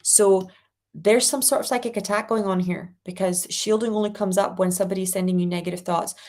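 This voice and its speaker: A woman hosting a live spiritual reading, gently reassuring viewers and reading out their comments. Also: medium pitch, fairly even intonation, a little fast. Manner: reads viewer comments aloud. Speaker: angel reading host.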